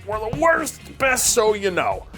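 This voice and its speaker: Animated high-voiced male podcast host. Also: unhurried, faint music behind. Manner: goofy, sing-song, animated storyteller. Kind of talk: casual chat.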